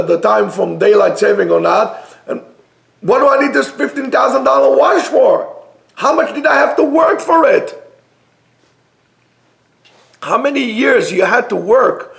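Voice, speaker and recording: A man, a rabbi, giving a Torah lecture, emphatic and rising to near-shouts on key points. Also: high voice, creaky. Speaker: rabbi teaching a class. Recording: roomy echo.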